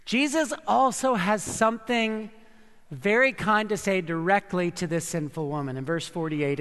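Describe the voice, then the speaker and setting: A man preaching a sermon, earnest and emphatic, with slow dramatic pauses. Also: high voice, fairly bright tone, clean tone, big-room sound. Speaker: pastor.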